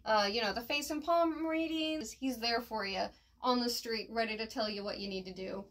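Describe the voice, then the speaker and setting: A woman's voice: fairly high pitch, normal speed, a bit bright. A woman giving a casual, slangy spoken review, with fillers and a laugh at her slips. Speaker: manga reviewer.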